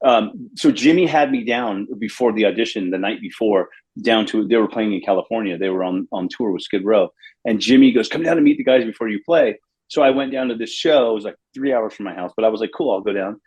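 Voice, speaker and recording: A middle-aged man from Los Angeles, a bass player telling rambling, animated stories in a casual interview. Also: brisk, husky. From Los Angeles, USA. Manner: rambling, animated anecdotes with acted quotes.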